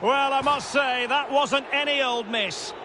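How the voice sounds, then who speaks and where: A man giving scripted football commentary in a video game, brisk short calls that rise at big chances. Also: very high-pitched. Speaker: play-by-play commentator. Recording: loud game crowd noise behind.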